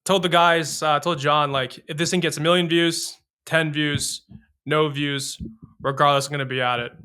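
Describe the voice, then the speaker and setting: Bright-voiced man hosting a podcast. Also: a little high, fairly even intonation, normal speed, clear, resonant tone. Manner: loose, joking, swears casually. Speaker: podcast host. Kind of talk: casual interview chat.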